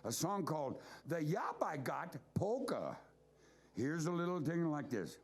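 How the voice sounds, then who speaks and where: Folksy bandleader man, fairly high voice. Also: big pitch swings, measured pace. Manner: folksy, rambling, says "by God". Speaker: bandleader and singer. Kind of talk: casual stage banter. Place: live show venue with audience. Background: guitar playing.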